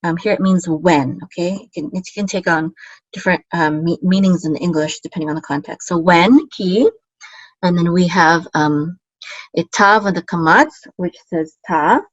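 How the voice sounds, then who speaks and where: A woman teaching a relaxed online language lesson, explaining patiently and often checking in with "okay?". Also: fairly low pitch, normal speed, no echo. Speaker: Biblical Hebrew teacher. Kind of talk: casual screen-share lesson. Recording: dull, dry lo-fi sound.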